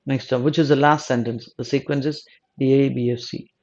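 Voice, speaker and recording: A South Indian man, an exam coaching teacher, works through test answers at a slightly quick pace, his medium-pitched voice steady and a bit dark on dull-sounding audio. He keeps restarting, rephrasing mid-sentence, repeating himself and tossing in "no?".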